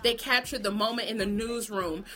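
A woman from Savannah, Georgia, recapping TV shows in a casual, profane and animated way. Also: medium pitch, normal speed. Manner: profane, animated, acts out characters. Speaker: TV recap vlogger.

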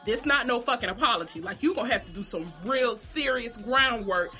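Woman vlogger ranting about gossip, higher voice, swears a ton, super animated. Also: a little fast, soft background music. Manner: animated, profane, talks straight to viewers. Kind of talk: comedic gossip rant.

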